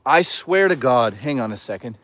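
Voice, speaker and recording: A man's voice: medium pitch, expressive, normal speed, fairly bright tone, dry recording. A man live-streaming from a woodland hike, rambling and swearing as he jokes and reads chat. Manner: rambling, profane, jokey. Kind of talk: casual live-stream chatter.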